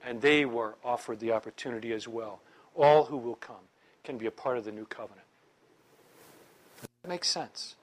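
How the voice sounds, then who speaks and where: A middle-aged man teaching a Bible class in a lively, conversational way, joking with his listeners. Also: mid-range voice, normal speed, pauses often.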